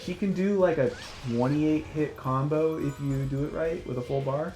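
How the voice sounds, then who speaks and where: A man's voice: fairly high pitch, moderate pace, warm tone, reverberant, soft background music. A man hosting a casual gaming chat, laughing often as he explains game mechanics. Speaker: gameplay host.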